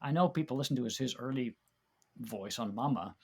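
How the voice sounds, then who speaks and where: A man's voice: mid-range voice, expressive, a little fast, slightly rough. A man as a podcast guest, telling stories in a rambling way with many restarts. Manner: rambling, warm storytelling with many restarts and fillers. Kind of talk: casual chat, reminiscing.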